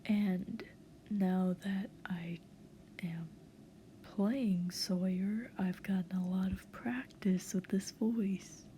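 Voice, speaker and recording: Woman, casual voiceover, soft half-whisper, hesitant, slow, mid-pitched. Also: fairly even intonation, slight background noise. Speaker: voice artist giving voice tips. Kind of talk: casual voiceover over a speedpaint.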